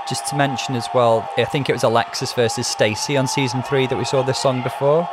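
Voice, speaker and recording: A man, co-hosting a casual reaction chat with campy, excitable commentary. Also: medium pitch, a little fast, heavy background noise. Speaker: podcast co-host.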